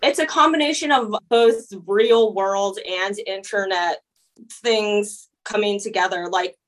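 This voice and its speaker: A woman's voice: medium pitch, unhurried, a little hiss or hum. A young woman from the USA, an illustrator being interviewed, talking casually with many fillers. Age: young adult. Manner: relaxed, frequent "like" fillers, laughs easily. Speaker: illustrator and painter guest.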